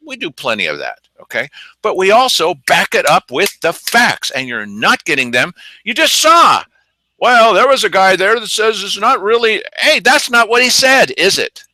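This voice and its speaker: A man's voice: high-pitched, wildly swooping pitch, moderate pace, bright, forceful tone, no room sound, rough recording. A man hosting an opinionated news commentary, indignant and sarcastic, mocking the people he quotes. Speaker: news show host.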